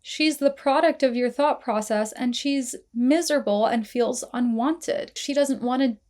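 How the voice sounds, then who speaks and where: A woman's voice: high-pitched, a little slow. A young woman with a tired, strained voice hosting a casual film review and animatedly analyzing characters. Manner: animated, acts out characters' lines while retelling scenes.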